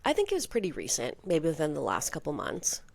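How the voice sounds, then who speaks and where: A young woman co-hosting a podcast in casual chat, peppering her talk with "like" and quick asides. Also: sits low, huge pitch swings, creaky, darkish tone, dry recording. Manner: chatty, heavy use of "like", quick asides. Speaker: podcast co-host.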